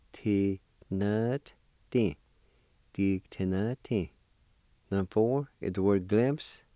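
A man's voice: on the low side, warm tone, no room sound, studio quality. A man giving a recorded pronunciation lesson. He spells out syllables one by one with patience and encourages the learner. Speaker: language teacher.

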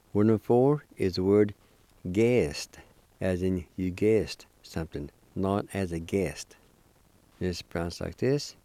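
A man teaching a language lesson as host of a weekly program. He spells words out syllable by syllable, repeats them slowly and encourages beginners to practice. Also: deep voice, warm tone, dry recording.

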